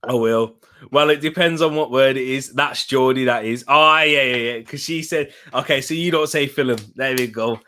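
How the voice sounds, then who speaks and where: A young man with a light Birmingham accent, chatting casually and excitedly through a live football watch-along stream and reacting to viewers' comments. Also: mid-range voice, moderate pace. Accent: Birmingham English.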